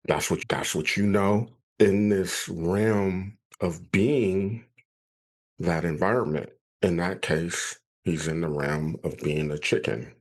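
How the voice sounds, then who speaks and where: A man's voice: sits low, slow pace. A man, a leadership coach, reflecting on a story in a podcast chat.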